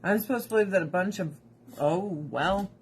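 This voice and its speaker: A woman's voice: lowish voice, normal speed, a little hiss or hum. A woman hosting a casual livestream from home, ranting bluntly with plenty of profanity. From United States. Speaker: livestream host. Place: at home with pets.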